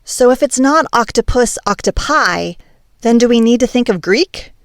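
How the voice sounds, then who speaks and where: A woman's voice: on the high side, normal speed, no room sound, studio quality. Playful emphatic woman podcast host. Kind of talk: scripted podcast monologue.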